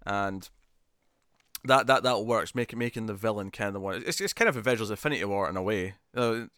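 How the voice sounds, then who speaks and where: A man co-hosting a podcast, discussing a film casually in halting speech with repeated words and laughs between points. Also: on the low side, fairly bright tone, dry recording, clean studio sound. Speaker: podcast co-host.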